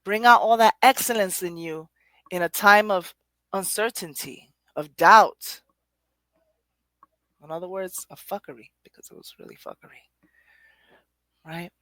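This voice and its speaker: A woman's voice: mid-range voice, unhurried, pauses often, fairly bright tone, dry recording. A woman hosting a poetry show, giving a rambling, conversational motivational talk straight to her audience with frequent laughter. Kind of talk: motivational monologue.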